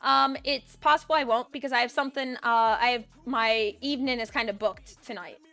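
A woman streamer chatting casually and excitably on a live stream, swearing now and then. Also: on the high side, brisk. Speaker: livestreamer.

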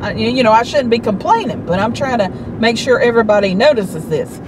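A middle-aged woman tells a story in a casual, chatty way, her voice sitting fairly high. She sounds indignant as she draws out her telling. She is recorded outdoors near a car, with clear traffic noise around her. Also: animated, fairly quick. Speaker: vlogger.

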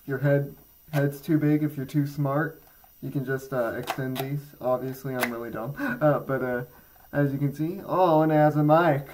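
In a casual product review vlog, a teen gaming creator talks his way through a pair of headphones, piling on fillers and poking fun at himself. He has a mid-range male voice, fairly even intonation, and a moderate pace, with background noise present.

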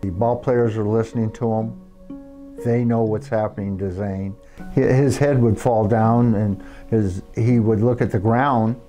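A man in a documentary interview, recalling scenes from youth baseball hesitantly, over soft guitar music. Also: lowish voice, fairly even intonation, measured pace. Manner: hesitant, many fillers.

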